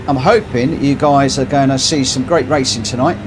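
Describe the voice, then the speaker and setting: Brief: man, game streamer, casual rambling chat, mid pitch. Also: moderate pace, background noise. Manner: chatty, rambling, thinks aloud while adjusting settings. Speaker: streamer hosting a racing lobby. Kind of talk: casual live-stream chat while gaming.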